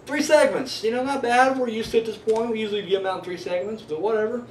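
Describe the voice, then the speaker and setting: A man's voice: high-pitched, quick pace, a little hiss or hum. A man giving a casual, rambling horror movie review, swearing freely and full of fillers. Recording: echoey room, voice a bit far from the mic.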